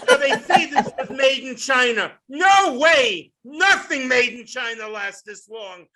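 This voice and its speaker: A man in his sixties doing a stand-up comedy set in a club, with a loud, punchy delivery, swearing and shouting his punchlines. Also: extremely high pitch, sing-song, unhurried. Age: 60s.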